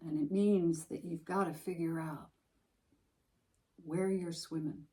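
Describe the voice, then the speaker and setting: The audio is poor in this clip of a woman co-hosting a podcast, her voice on the low side and her pace a little slow. She talks casually yet emphatically about a book that was important to her, animated and restarting as she thinks things through aloud.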